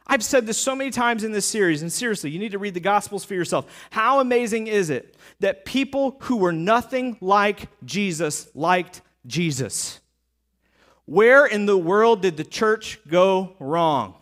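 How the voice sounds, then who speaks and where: A male pastor delivers a sermon in a lively, conversational way, talking straight to the people in front of him. His voice sits high for a man and swings widely in pitch, climbing up and dropping low for emphasis. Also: unhurried. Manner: animated, conversational preaching with frequent asides to the crowd.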